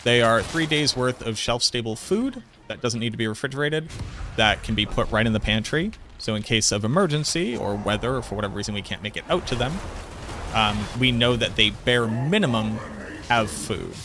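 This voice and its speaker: A man's voice: mid-range voice, lively intonation, normal speed, pushed and bright, slight background noise. A man streaming a game, chatting casually in a rambling, talkative way and correcting himself mid-sentence. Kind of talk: casual chat while gaming.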